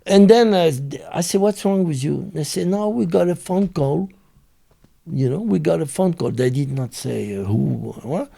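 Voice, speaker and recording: A man with a French accent, a guest telling his story in halting, broken English with many fillers. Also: fairly high pitch, animated, gravelly, warm tone. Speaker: interview guest. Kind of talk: casual storytelling.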